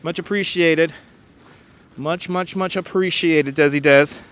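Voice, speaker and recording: Live-stream host, man, a bit high-pitched, casual and chatty, reads out viewer comments, outdoor clip-on mic. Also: fairly even intonation, measured pace, fairly bright tone, clean tone. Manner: chatty, reads out viewer comments and greets them by name, laughs often. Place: outdoors on a frozen beach. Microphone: wireless clip-on mic.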